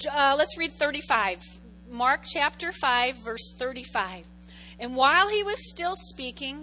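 A woman giving a lively Bible lesson to a group, acting out the people in the story and asking her listeners questions. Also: sits high. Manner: animated, acts out voices, asks the audience questions. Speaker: Bible teacher. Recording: long hall reverb, faint hum.

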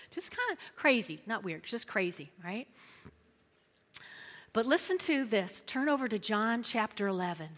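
A middle-aged woman pastor preaching an animated sermon in a church, repeating phrases and acting out voices. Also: on the high side, in a large hall. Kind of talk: lively sermon with acted-out quotes.

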